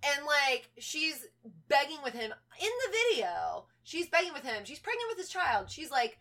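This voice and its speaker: A woman's voice: high-pitched, big pitch swings, moderate pace, hardly any pauses, bright, forceful tone. Chatty swearing woman telling stories. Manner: chatty storytelling, swears often, says like a lot. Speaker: podcast co-host. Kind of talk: casual chat.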